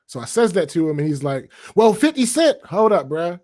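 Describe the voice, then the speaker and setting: A man's voice: fairly high pitch, expressive, a little fast, a little mellow. Blunt, profane podcast co-host man. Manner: blunt, profane, laughs often. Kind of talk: casual chat.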